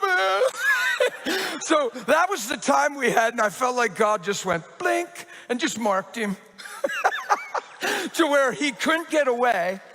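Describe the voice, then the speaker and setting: Pastor, male, high bright voice, lively storyteller, long church echo. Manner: animated storytelling, quick restarts. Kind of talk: testimony sermon. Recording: reverberant church hall.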